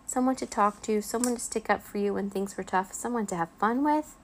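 A woman reading a children's chapter book aloud as a bedtime story, in a gentle, expressive way. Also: medium pitch, brisk, a little hiss or hum.

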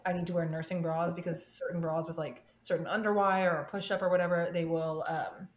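A woman's voice: on the low side, level tone, brisk. A woman co-hosting a podcast in casual chat, giggly and rambling off on tangents. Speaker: podcast co-host. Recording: roomy echo.

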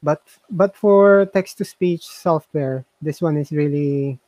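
A man's voice: a little high, slow pace, darkish tone, dry recording, poor audio. A man co-hosting a casual chat, talking in a hesitant, musing way full of fillers and restarts. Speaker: co-host reviewing voice software.

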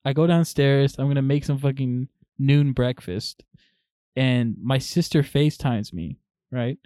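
Animated young man telling stories casually. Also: medium pitch, measured pace, dry recording, studio quality. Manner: animated storytelling, swears often. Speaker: podcast co-host. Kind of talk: casual chat.

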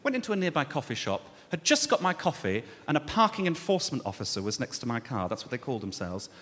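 A man with a Birmingham accent telling a stand-up story, animated and exasperated. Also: medium pitch, fast talker. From England. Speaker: comedian. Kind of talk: stand-up comedy. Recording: live hall with audience noise. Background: audience laughter.

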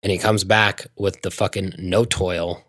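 A man's voice: deep voice, measured pace, husky, no echo, clean studio sound. Swearing man telling a story. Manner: profane, animated storytelling with frequent swearing. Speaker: storyteller in casual conversation. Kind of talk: casual chat.

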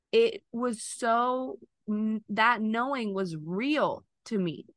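A woman's voice: medium pitch, unhurried, hardly any pauses, bright, forceful tone, no echo. A woman podcast guest sharing an emotional personal testimony in an earnest, faith-filled way, close to tears.

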